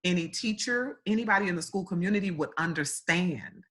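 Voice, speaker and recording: Woman, interviewer, husky voice, lowish pitch, restarts and recaps. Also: brisk, fairly bright tone. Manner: repeats and restarts, summarizes what guest said. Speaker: interviewer, host. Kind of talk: casual interview conversation.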